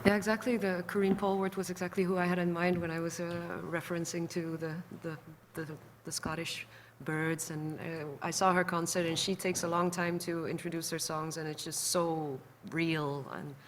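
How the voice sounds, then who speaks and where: A woman's voice: lowish voice, little pitch movement, normal speed, few pauses, slight background noise. A woman from the Netherlands with a Dutch accent, speaking on a panel as a musician in a thoughtful, candid, somewhat hesitant way. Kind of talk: panel discussion.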